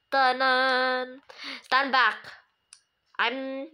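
A high-pitched woman chatting through a game at an unhurried pace. Her voice is bright and sharp. She is playful and excitable, tossing in her own sound effects. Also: clear, resonant tone. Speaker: gameplay commentator. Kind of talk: casual game commentary.

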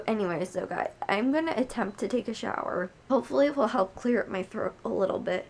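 A young woman vlogging casually at home, hoarse from a cold and chatting with lots of fillers. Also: a little high, expressive, fast talker, few pauses, a little mellow. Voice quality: gravelly. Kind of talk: casual chat to camera.

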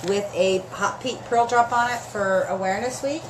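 A woman's voice: mid-range voice, moderate pace. A woman hosting a chatty live sale stream, gushing and emotional as she talks straight to her viewers, her throat scratchy and dry.

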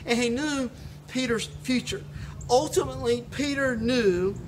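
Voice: mid-range voice, measured pace, noisy background. A pastor preaching a sermon on video for a church live stream, impassioned and emphatic, often stumbling over repeated words. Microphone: live stream recording.

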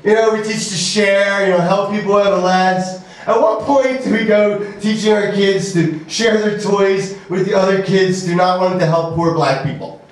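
A high-voiced man working through a stand-up set, rambling and halting with plenty of fillers. The sound is very echoey, with the mic some way off from him in a small club. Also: steady tone. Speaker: stand-up comic. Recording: echoey room from far off.

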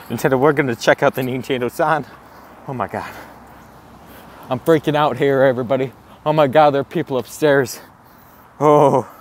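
A man doing a comedic walking vlog outdoors, gasping and swearing in awestruck excitement. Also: mid-range voice, slight background noise. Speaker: comedic vlogger in character. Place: outdoors, walking around a campus. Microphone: handheld camera.

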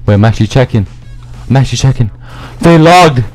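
A young man giving loud, slangy live commentary over his own gameplay, trash-talking other players and often shouting. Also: medium pitch, expressive, a little fast, over loud music. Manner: slangy, repeats lines and ends them with "bruh". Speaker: gaming YouTuber.

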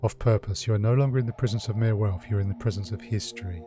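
A man hosting a let's play, reading game text aloud calmly with short asides. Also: lowish voice, racing, over music.

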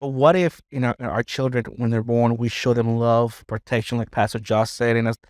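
A man's voice: mid-range voice, steady tone, moderate pace, darkish tone, no echo. A man, a pastor, speaking earnestly to parents in a casual podcast chat. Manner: earnest, preachy encouragement.

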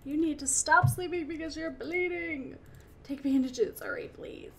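A young woman with a high voice talks her way through a video game as its host. She laughs often, gets emotional and talks straight to her characters. A faint ambient noise sits under the recording. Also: unhurried, gravelly. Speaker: gaming channel host. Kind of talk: let's-play commentary.

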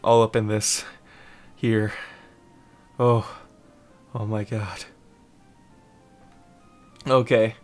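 A man's voice: fairly low pitch, level tone, extremely slow, long pauses, darkish tone, faint music behind. A man giving casual, rambling let's-play commentary over a game, giggling and repeating a silly catchphrase. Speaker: gameplay commentator.

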